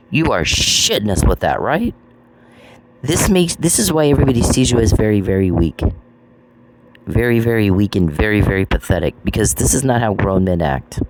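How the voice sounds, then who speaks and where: A man hosting a podcast, ranting in a scornful, taunting way, repeating phrases and swearing. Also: mid-range voice. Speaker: podcast host. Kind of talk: angry podcast rant. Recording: noisy with clicks.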